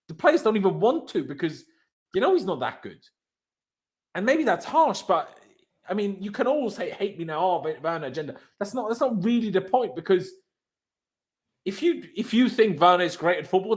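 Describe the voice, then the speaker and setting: A man from Austria hosting a casual football fan podcast, ranting in an animated way and swearing freely. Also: sits high. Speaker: podcast host.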